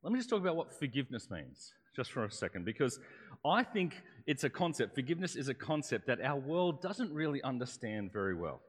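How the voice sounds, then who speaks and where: A man's voice: mid-range voice, sing-song, brisk. A man preaching a sermon in a conversational way, often checking in with rhetorical questions. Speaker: pastor. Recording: long hall reverb.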